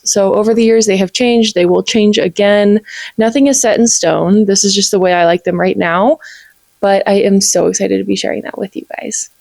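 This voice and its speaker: A woman in her 20s chats eagerly to camera as a book vlogger, bubbly and gushing, with "like" peppered throughout. Her voice is mid-range and a little mellow, with no echo.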